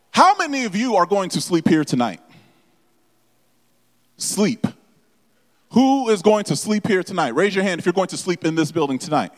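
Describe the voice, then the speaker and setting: Male preacher, high voice, halting delivery, long hall echo. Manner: halting with many repeated words and fillers, addresses the congregation directly. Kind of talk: sermon.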